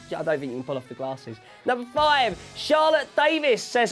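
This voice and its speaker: A man's voice: extremely high pitch, fairly quick, hardly any pauses. A man presenting a music TV show with jokey asides and a chatty interview manner. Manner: jokey asides, lively reading, chatty fillers.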